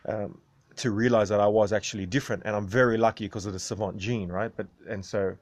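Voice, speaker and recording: A man's voice: lowish voice, fairly even intonation, quick pace, no echo. Rambling man talking to viewers. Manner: rambling, tags sentences with "right?". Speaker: video host. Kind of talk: casual monologue to viewers.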